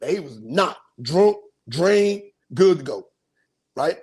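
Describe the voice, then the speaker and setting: A podcast host telling a crude, animated story in casual chat, acting out the people he quotes. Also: high-pitched, normal speed, husky.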